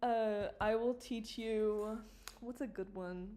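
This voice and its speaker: A woman with a mid-range voice discusses her own work in a relaxed live stream chat. She's animated and profane, with bits of mock indignation and fast little laughs.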